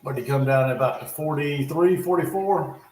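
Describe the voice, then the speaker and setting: A man with a somewhat high, slightly mellow voice streams casually from his North Carolina home, reacting to a football game live. At a moderate pace he gives chatty play-by-play and mutters asides, with the room sounding echoey.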